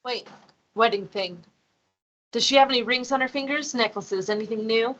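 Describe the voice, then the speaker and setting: A woman playing a tabletop game, quick and playful. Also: a little high, a bit bright. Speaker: player. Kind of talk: tabletop role-play. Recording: lo-fi stream audio.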